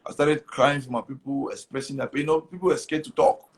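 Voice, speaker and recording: A man's voice: a little high, steady tone, fast, husky. A young man from Cameroon, telling his story animatedly in an interview, repeating words and slipping into Pidgin. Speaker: comedian guest.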